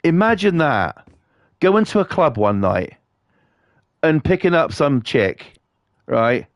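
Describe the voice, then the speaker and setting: A man's voice: a little high, big pitch swings, takes it slowly, no room sound, clean studio sound. A British man streaming a game, ranting bluntly and swearing constantly as he chats to viewers. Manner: profane, blunt, scornful. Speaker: livestreamer.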